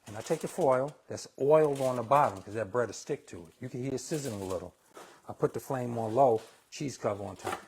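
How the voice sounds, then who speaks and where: A man's voice: fairly low pitch, a little hiss or hum. A man hosting a casual live cooking stream, talking bluntly and opinionated to viewers he calls y'all. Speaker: cooking show host.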